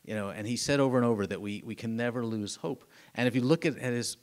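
A middle-aged man, an author, speaking at a live museum talk in an earnest, animated storytelling way, with fillers and restarts. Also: mid-range voice, quick pace. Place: museum event room with audience.

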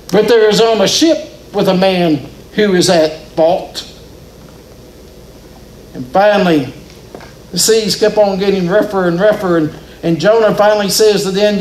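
Speaking with a high voice over slight background noise, a pastor tells a story from the pulpit with rising and falling emphasis. The sermon rings through the church sanctuary with a roomy echo.

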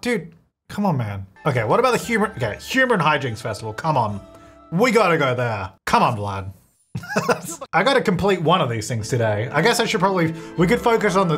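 A man's voice: a little high, fairly bright tone. A young man giving casual commentary while playing a life-sim game, chatty and reacting aloud with frequent laughs.

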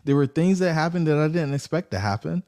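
A man being interviewed as a guest, telling a long story with lively pitch swings and acted-out quotes. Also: fast talker. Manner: animated storyteller acting out quoted voices. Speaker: guest, real estate investor.

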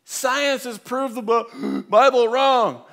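A man putting on the voice of a loud, bombastic drunk man who shouts slowly and high. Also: expressive, full character voice. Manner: shouting, slurred, drawn-out.

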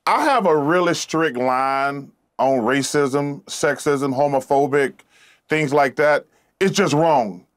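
A man's voice: fairly high pitch, slow. A man, a talk-show guest speaking earnestly and repeating words as he searches for them. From Alabama. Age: 50s.

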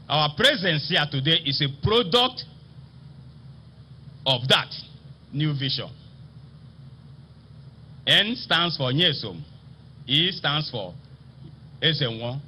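A man with a Nigerian accent, a state assembly speaker, delivering a formal ceremonial speech in a slow, emphatic, oratorical manner. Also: on the high side, sharp tone, slight background noise. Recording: slightly dull broadcast audio with faint ambience.

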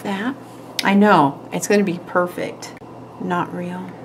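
A woman's voice: fairly low pitch, fairly even intonation, takes it slowly, background noise. A woman hosting a nail art tutorial, chatting casually and giggling as she works. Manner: chatty, giggly, talks while working.

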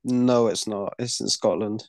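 A man's voice: lowish voice, fairly even intonation, unhurried, a little mellow, no room sound, clean studio sound. A man in a casual panel chat, blunt and dismissive in his banter.

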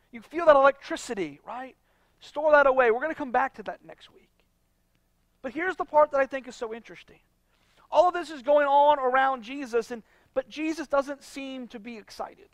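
A man's voice: very high voice, a bit bright, dry recording. A man preaching a conversational sermon, asking the congregation questions as he retells a Bible passage. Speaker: pastor.

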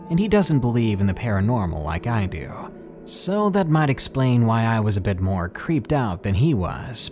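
A man reading a scary true story aloud in slow, hushed, dramatic narration, with faint music behind him. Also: on the low side. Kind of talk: scripted horror story narration. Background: faint background music.

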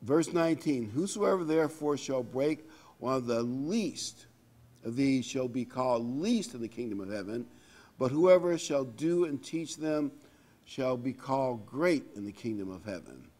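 Man, preacher, conversational sermon, reads scripture, medium pitch. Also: expressive, measured pace, a little mellow. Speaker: pastor.

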